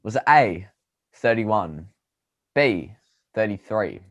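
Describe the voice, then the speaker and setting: Young aussie bloke cohosting a footy podcast, chill, lots of ums and little laughs. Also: male voice, on the low side, lively intonation, slow pace, lo-fi sound. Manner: laid-back, chuckling, trailing off into fillers. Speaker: podcast co-host. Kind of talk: casual sports chat.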